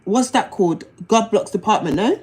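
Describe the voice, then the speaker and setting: A woman's voice: mid-range voice, normal speed, a little mellow. A woman telling a personal story on a livestream. She talks bluntly, in slang and profanity, and often repeats herself. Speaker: livestream host.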